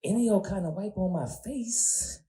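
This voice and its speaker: A fussy young woman with a sweet, squeaky voice, prim and easily offended, as a male comedian puts her on. Her pitch sits high above his own, and she draws out her objections. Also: moderate pace, dark tone, lightly acted.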